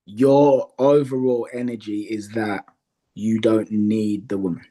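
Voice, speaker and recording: A man guesting as a dating coach on a podcast, calmly explaining his view with examples. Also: on the low side. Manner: measured, explains by example with acted quotes. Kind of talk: casual podcast conversation.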